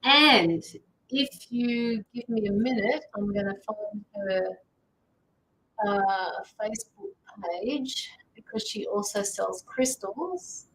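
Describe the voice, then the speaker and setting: A woman's voice: mid-range voice, takes it slowly, fairly bright tone, slight background noise, low-quality recording. An Australian woman hosting a tarot livestream, chatting casually and greeting viewers as she reads out their comments. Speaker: tarot reader and livestream host.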